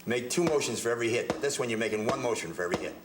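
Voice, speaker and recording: A man's voice: mid-range voice, very fast, reverberant, heavy background noise. A man giving a hands-on drum lesson, explaining technique step by step and often repeating words as he demonstrates. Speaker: drum teacher. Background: drum hits between phrases.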